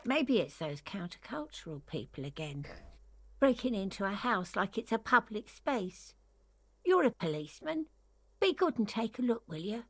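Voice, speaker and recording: A woman's voice: big pitch swings, moderate pace, fairly bright tone. A woman voicing a gossipy, grumbling old cleaning lady from a video game, talking in a chatty, scolding way. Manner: chatty, scolding, with sudden high squeals. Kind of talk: voicing game dialogue on a stream.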